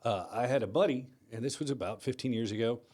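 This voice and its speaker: Male podcast co-host, relaxed storyteller, lowers voice for serious moments. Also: fast. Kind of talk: casual chat, storytelling.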